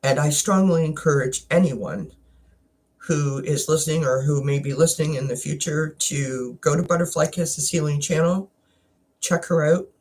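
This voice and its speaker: A Canadian woman hosting a wellness chat, talking casually and emotionally about a personal experience, with frequent halting restarts and at times close to tears. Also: sits low, a little mellow, husky. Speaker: wellness channel host.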